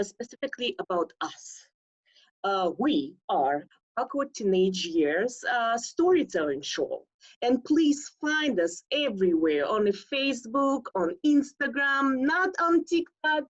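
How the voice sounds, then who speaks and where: Slow, hesitant woman hosting a show. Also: mid-range voice. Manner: hesitant, many uh fillers. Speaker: host. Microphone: video call. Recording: dull lo-fi video call audio.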